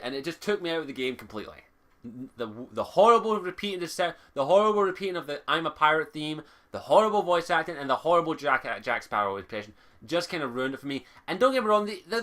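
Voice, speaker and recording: High, bright-voiced Scottish guy ranting. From Scotland. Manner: exasperated, swears constantly, repeats himself. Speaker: game reviewer. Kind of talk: ranting game review.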